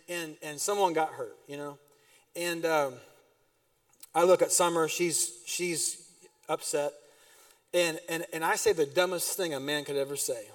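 A middle-aged man preaching a sermon as pastor, telling animated stories with sudden loud bursts and quiet drops. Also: on the high side. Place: church sanctuary. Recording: distant mic in a reverberant church hall.

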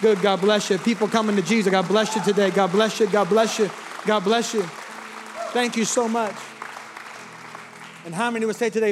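Male pastor, high-pitched and fervent, sermon into altar call, recorded in a reverberant hall over soft music. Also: steady tone, brisk, some chatter behind. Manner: impassioned, rising to near-singing fervor. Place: large church hall with congregation.

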